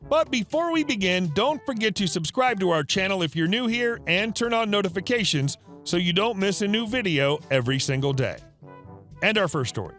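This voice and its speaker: A man reads reddit stories in a scripted, upbeat way. His voice sits high and swings freely in pitch, and faint music plays behind him. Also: lively intonation, a little fast, fairly bright tone. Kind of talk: scripted narration.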